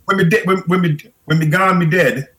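A woman's voice: fairly low pitch, a little fast, pitched above the performer's own voice, natural voice. A man voicing his elderly Jamaican grandmother, speaking in short, emphatic, broken phrases with a Jamaican accent. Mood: insistent.

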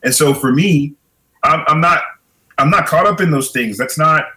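A man's voice: a little high, moderate pace, pushed and bright, poor audio. A middle-aged man, a podcast guest, talking reflectively in a casual conversation and often repeating words as he thinks.

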